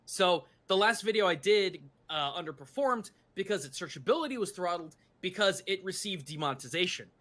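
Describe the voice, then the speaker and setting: Bright-voiced, frank male streamer. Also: sits high, expressive, brisk, hardly any pauses. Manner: frank, ranting, blunt. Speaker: art streamer. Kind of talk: casual live-stream chat.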